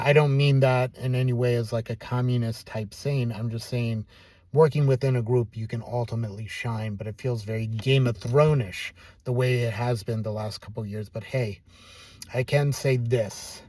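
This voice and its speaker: A man's voice: medium pitch, warm tone, dry recording, clean studio sound. A middle-aged man recording a personal video diary, speaking in a downcast, self-deprecating, musing way. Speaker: vlogger.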